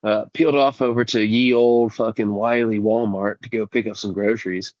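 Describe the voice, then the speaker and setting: A man's voice: lowish voice, fairly even intonation, normal speed, no echo, muffled recording. A man who is sick, co-hosting a podcast and telling profane, laid-back stories in casual chat. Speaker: podcast co-host.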